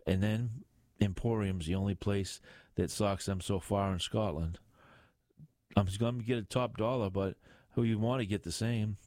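A man's voice: lowish voice, moderate pace, a little mellow, no echo, clean studio sound, natural voice. A man voicing a weary, grumpy middle-aged male police inspector who grumbles irritably. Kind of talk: audiobook character voice.

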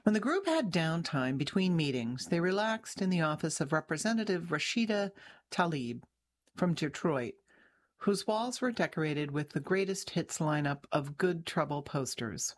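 A woman journalist reading her own article aloud in a measured, even way, with an occasional restart. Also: low voice. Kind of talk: scripted narration.

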